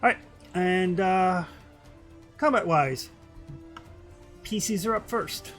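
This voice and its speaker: A man running a tabletop game, describing the scene casually and leaning on fillers like kinda and like. His voice sits a bit high, with faint music behind him. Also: takes it slowly, fairly bright tone. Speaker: game master.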